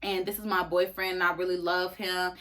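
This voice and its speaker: A woman's voice: on the low side, little pitch movement, a little fast, fairly bright tone, natural voice. A woman quoting a worried young woman who hesitantly pleads for the truth about her boyfriend. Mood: pleading.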